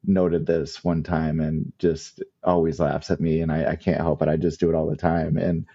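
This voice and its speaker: A man's voice: rumbling low, level tone, moderate pace, gravelly, warm tone, dull audio. A man co-hosting a podcast, chatting casually in a rambling, self-deprecating way and laughing often. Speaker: podcast co-host. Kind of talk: casual chat.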